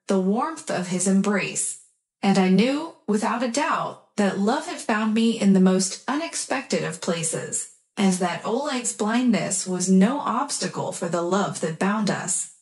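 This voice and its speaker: A woman reads a romantic story aloud as scripted narration. Her delivery is soft and even, and she takes her time over each phrase, at a slow, measured pace. Her pitch sits in a middle range for a woman.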